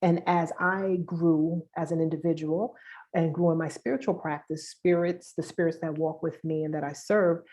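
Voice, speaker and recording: A woman's voice: sits low, darkish tone. A woman with a Brooklyn accent, a guest spiritual worker, chatting casually and laughing easily on a video call. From New York.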